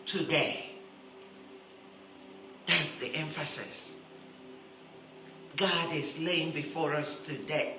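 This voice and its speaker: A woman preaching a sermon who stresses her points by repeating them and turns soft and intimate when she appeals to her listeners. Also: fairly low pitch, reverberant, poor audio. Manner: emphatic, repeats key phrases for stress.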